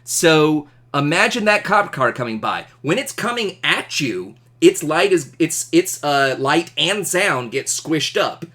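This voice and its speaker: Lively, jokey male teacher. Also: a little high, measured pace, hardly any pauses. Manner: animated, jokey, asks the class questions. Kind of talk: classroom lecture.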